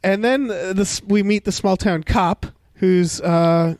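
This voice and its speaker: A man's voice: high voice, unhurried, a little mellow, no echo. A man co-hosting a casual film podcast, talking in a wry, joking way and swearing freely. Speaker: podcast co-host.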